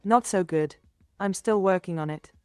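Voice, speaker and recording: A woman's voice: lowish voice, moderate pace, clean tone, no room sound, clean studio sound. Female AI assistant voice, faint music behind. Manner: flat, short, stubborn replies. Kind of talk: synthetic assistant speech.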